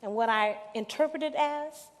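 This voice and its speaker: A middle-aged woman pastor preaching a sermon, moving from hushed storytelling to loud, emphatic call-and-response peaks. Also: high-pitched, normal speed. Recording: reverberant hall recording.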